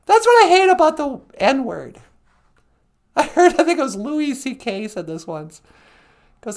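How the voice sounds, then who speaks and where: A woman hosting a show, telling comic stories as a monologue, animated and laughing often. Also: high-pitched, unhurried, pauses often. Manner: animated storytelling with frequent laughs. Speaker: host. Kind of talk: comedic monologue.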